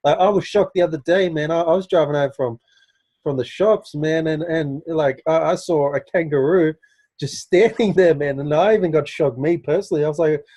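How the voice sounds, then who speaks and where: A man's voice: fairly high pitch, normal speed, mellow. A young Australian man with an Australian accent, chatting casually as a guest over a video call, rambling with lots of "like" and "man".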